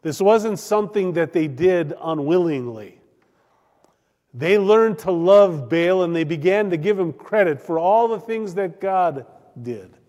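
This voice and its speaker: Guy preaching a sermon real slow, a bit high, big hall echo, gets loud then goes quiet. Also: lively intonation. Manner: dramatic, swings between loud declaiming and hushed emphasis. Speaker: pastor.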